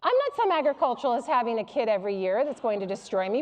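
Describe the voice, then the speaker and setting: A middle-aged woman delivering a public lecture to a live audience. Her voice sits a little high, and she tells stories with a candid, humorous, animated manner. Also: fast talker, hardly any pauses, dull audio, a little hiss or hum.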